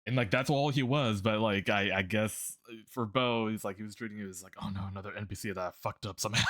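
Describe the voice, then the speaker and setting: A man's voice: lowish voice, fairly even intonation, fast, a bit bright, no room sound, studio quality. A man streaming while drawing, chatting casually about a tabletop game character, rambling with lots of fillers, restarts and laughs.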